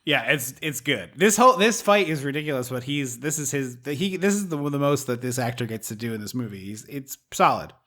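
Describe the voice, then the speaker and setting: A man co-hosting a podcast, chatting casually about a film in an animated, rambling way with many restarts. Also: medium pitch, fairly quick, few pauses. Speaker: podcast co-host. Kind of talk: casual movie discussion.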